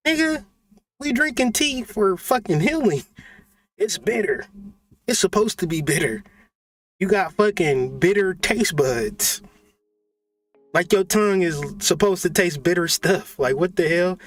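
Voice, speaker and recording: A man hosting a spiritual channel, delivering a profane, mocking, animated comedic rant. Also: high-pitched, a little slow.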